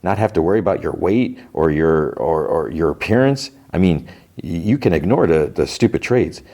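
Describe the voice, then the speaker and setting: A man's voice: sits low, expressive, moderate pace, mellow. A man voicing a brash, boastful aging actor who lectures with self-important advice. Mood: lecturing. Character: brash aging male veteran actor, cocky.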